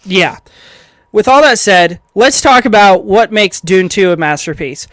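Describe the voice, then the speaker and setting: A young man co-hosting a casual podcast, excitable and slangy. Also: sits high, no echo. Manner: excitable, slangy, fast bursts. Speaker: podcast co-host. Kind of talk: casual chat.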